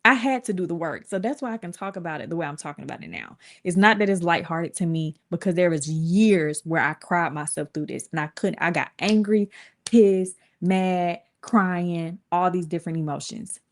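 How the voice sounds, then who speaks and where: A woman in her thirties telling a personal story to her viewers in casual, colloquial talk, with her pitch jumping up when she acts out quotes. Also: normal speed. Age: 30s. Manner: lively, colloquial, swings into high acted voices for quotes.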